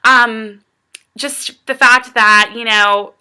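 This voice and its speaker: A woman's voice: on the high side, steady tone, extremely slow, bright, forceful tone, smooth. An American woman talking casually to her camera as a vlogger, rambling and earnest with lots of fillers. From United States.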